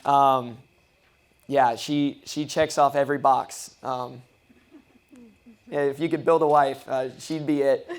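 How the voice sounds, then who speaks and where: A man's voice: medium pitch, fairly even intonation, slow, long pauses, smooth. A young man, the groom, giving a rambling, heartfelt wedding toast at a reception with lots of ums, choked up and fighting back tears. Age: young adult. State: tearful, choked up.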